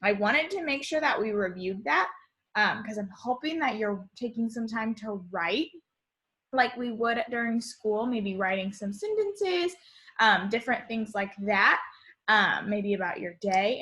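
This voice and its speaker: Bright, slow-speaking woman teacher. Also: medium pitch. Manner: slow, cheerful, speaking to young children. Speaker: kindergarten teacher. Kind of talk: online summer school lesson.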